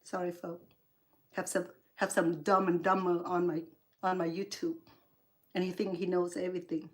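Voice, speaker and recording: A woman's voice: on the low side, little pitch movement, moderate pace. A woman from Cambodia, an English learner, hosting a cooking livestream and angrily scolding a rude viewer with heated sarcasm. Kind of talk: angry livestream rant at a viewer.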